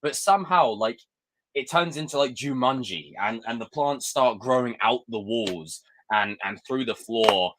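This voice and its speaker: Man, young, live-stream chat, excitable and sweary, bright forceful voice. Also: medium pitch, unhurried.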